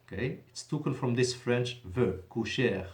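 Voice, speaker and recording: Brief: male teacher, mid-pitched voice, deliberate classroom delivery, roomy echo. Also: expressive. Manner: deliberate, drawn-out emphasis on key words; switches between Arabic and English, self-correcting. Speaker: Arabic teacher. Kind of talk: classroom lesson. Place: mosque classroom. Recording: echoey room.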